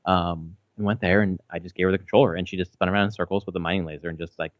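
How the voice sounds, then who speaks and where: A man's voice: low voice, fairly even intonation, rapid-fire, no echo. A man in his thirties chatting casually as a podcast co-host, rambling with lots of fillers and restarts and swearing freely. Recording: slightly dull, dry audio.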